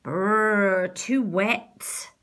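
A woman voicing a cheeky, boastful little gingerbread man with a high, sing-song, giggly voice. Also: drawn-out words, a bit bright. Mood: shivering.

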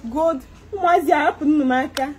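Fast and high-pitched, a young Nigerian woman with an Igbo-tinged accent performs a comic skit, with a little hiss or hum audible. She begs repeatedly, pleading and saying the same things again while mixing Igbo into her English.

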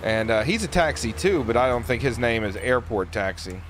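A man's voice: mid-range voice, normal speed, a bit bright, slight background noise. Profane, laid-back gaming streamer guy. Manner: loose, profane, chatty, reads out chat messages. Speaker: streamer and speedrunner. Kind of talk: casual live-stream chat while playing.

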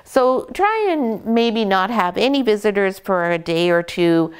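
A woman dog breeder calmly explaining puppy care, gently praising the dogs as she goes. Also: mid-range voice, measured pace, clean tone. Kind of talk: instructional puppy-care talk.

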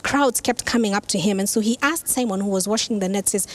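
A woman pastor preaching a sermon who tells the story in a lively, conversational way with casual asides. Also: mid-range voice, normal speed, hardly any pauses. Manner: animated storytelling, acts out quoted lines.

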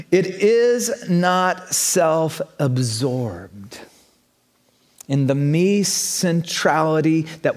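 A man's voice: on the high side, a little mellow, in a large hall. A man preaching a sermon, stressing words and building up repeated questions.

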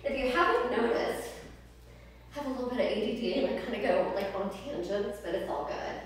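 A high, bright-voiced woman guides a home yoga flow in an upbeat, chatty way, counting reps and drifting into tangents while a little winded. She is picked up from across a very echoey room, with a faint hiss under her voice. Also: animated, a little fast, far from the mic. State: slightly out of breath. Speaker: yoga instructor. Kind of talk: guided home workout livestream.

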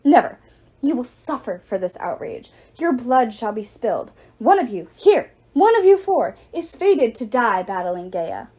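A proud goddess of victory spits curses and threats in a high, swooping voice, as a woman reading a book puts her on. The delivery is haughty and loud, rising sharply on her warnings. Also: very animated, measured pace, husky, exaggerated voice. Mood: furious, haughty.

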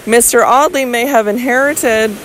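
A woman's voice: a little high, moderate pace, a bit bright, a little hiss or hum, close to an everyday voice, rough recording. A woman reading an audiobook voices a young Victorian lady who speaks hesitantly and pleadingly. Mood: anxious. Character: young Victorian lady, fragile, anxious and scheming.

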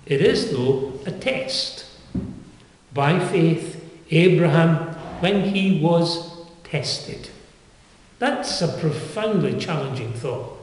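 Older preacher in an echoey chapel. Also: male voice, lively intonation, drawn-out words, long pauses, a little mellow. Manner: earnest, dynamic preaching with sudden rises in pitch and volume. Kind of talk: sermon. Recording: echoey chapel with long reverb.

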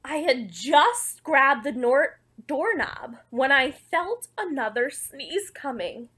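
A woman reading a picture book aloud in the wolf's first-person voice, playful and expressive, with chatty asides to listeners. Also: sits high, takes it slowly. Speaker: storybook reader.

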